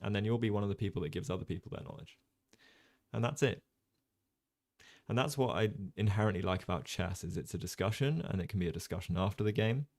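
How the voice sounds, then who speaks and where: Low-voiced chatty man commentating chess. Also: fast, no room sound. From Jersey. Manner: relaxed, chatty, many ums, reads chat aloud. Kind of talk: casual livestream commentary.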